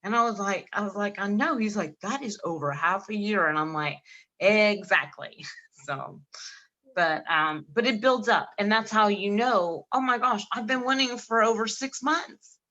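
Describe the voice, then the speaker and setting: Bright-voiced woman telling lively stories. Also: mid-range voice, moderate pace, muffled recording. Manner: animated storyteller acting out dialogue; laughs often mid-sentence. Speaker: podcast co-host. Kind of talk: casual podcast chat.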